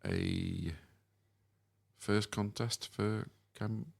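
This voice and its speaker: A low, gravelly male voice with plenty of fry. He hosts a relaxed podcast chat, from Wales, chatty and teasing as he steers the talk. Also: extremely slow. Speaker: podcast host. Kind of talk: casual chat.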